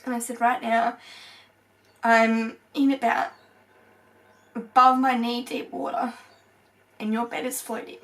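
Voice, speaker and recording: A young woman from Australia tells a personal story to camera, halting and tearful, with many fillers and pauses. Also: on the high side, flat delivery, recorded from a distance, poor audio. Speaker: vlogger.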